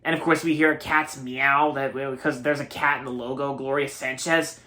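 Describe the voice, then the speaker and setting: Early 20s guy reviewing a movie, crisp bright tone, keeps repeating himself. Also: medium pitch, flat delivery, normal speed. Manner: rambling, repeats himself often. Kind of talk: casual unscripted movie review.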